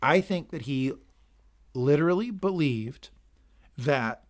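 A man co-hosting a casual TV recap podcast, animated and emphatic, swearing freely. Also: a little high, slow pace. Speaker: podcast co-host.

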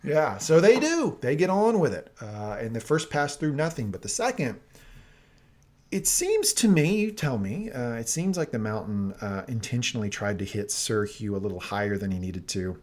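A man co-hosting a casual recap podcast, telling scenes in an animated way with laughs and quick voice impressions. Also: medium pitch. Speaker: podcast co-host.

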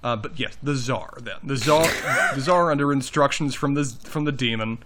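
Male podcast co-host, mid pitch, chatty plot recapper, self-corrects. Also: normal speed, background noise. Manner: animated, self-correcting, summarizes plot at length. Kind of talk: casual book discussion.

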